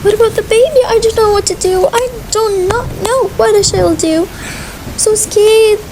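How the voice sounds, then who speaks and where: A woman's voice: very high voice, fairly even intonation, unhurried, background noise. A woman voicing a frightened little twin girl in a toy game role-play, whimpering and repeating herself. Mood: terrified. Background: background music.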